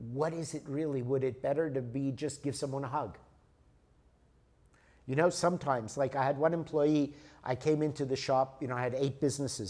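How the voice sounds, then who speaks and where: Guy giving a talk, kinda high voice, loose and chatty, keeps asking if it makes sense. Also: a little mellow. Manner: conversational, checks in with listeners often. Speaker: lecturer. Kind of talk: teaching a lecture with personal stories.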